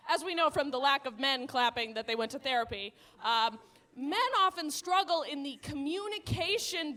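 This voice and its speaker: A woman doing stand-up on a comedy club stage into a handheld mic. Her voice sits very high and rings bright, and it swoops up and down a lot. She is brash and profane, and she laughs at her own jokes.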